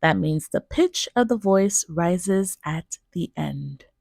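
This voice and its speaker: American woman, pronunciation teacher, very slow and sing-song, dry close sound. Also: on the low side, animated, vocal fry, a little mellow, dry recording. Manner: exaggerated rising and falling intonation. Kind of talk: slow, deliberate example sentences for learners.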